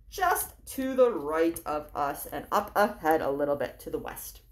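A woman librarian leading children on a story walk along an outdoor park trail, playful and animated, acting out sounds as she walks. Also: sits high, moderate pace. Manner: animated, playful, talks to kids; acts out sounds and character lines. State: walking outdoors while talking. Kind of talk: guided story walk for kids.

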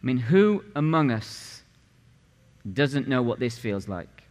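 A man in his late forties delivers a sermon in a punchy, conversational way, throwing rhetorical questions at his listeners. His voice sits at an ordinary middle pitch. A long church reverb trails after his words. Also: very animated, slow pace, darkish tone. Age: 40s. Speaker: pastor. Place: church sanctuary.

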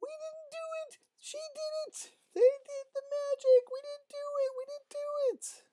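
A woman voicing a gang of panicky young boys shouting in high squeals. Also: steady tone, moderate pace. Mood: panicked.

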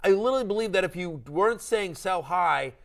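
A man with a fairly high voice co-hosts a fantasy football podcast in a studio. He talks in an excitable, rambling way, backing up and restarting his sentences as he goes. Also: fairly quick, gravelly. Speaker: fantasy football analyst and co-host. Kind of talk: animated sports podcast chat.

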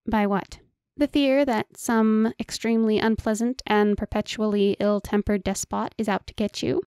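A woman's voice: medium pitch, fairly even intonation, moderate pace, darkish tone, clean tone, no echo, pitched above the performer's own voice, close to an everyday voice. Giddy male enchanter, cheeky and chatty, a woman reading it, dry close audiobook sound. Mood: teasing. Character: playful, whimsical male enchanter, sweet-toothed and cheeky. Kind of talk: audiobook character voice.

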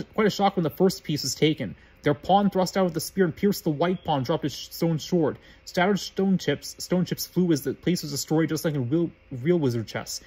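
A man reads fan fiction aloud as the narrator, in a plain, matter-of-fact storybook manner. His voice sits a bit high and sounds husky, and he moves along at a quick clip. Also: darkish tone, poor audio.

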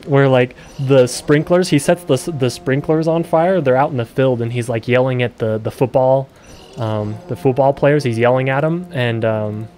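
A man's voice: mid-range voice, steady tone, normal speed, soft background music. A young man streaming a game, rambling casually and swearing while he plays. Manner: swearing, rambling, gets loud and exasperated. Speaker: gaming streamer.

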